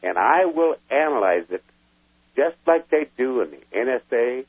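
A gruff male veteran calls into a radio show and talks in a folksy, emphatic way. His husky voice swings widely in pitch. He comes through a tinny, dry phone line. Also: very animated, moderate pace, dry recording. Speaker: call-in caller, military veteran.

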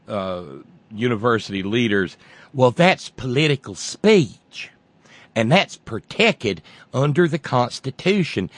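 A Southern American man, a political commentator with a lowish voice, delivers a profane, sarcastic rant as a monologue. The recording is dry, with no echo.

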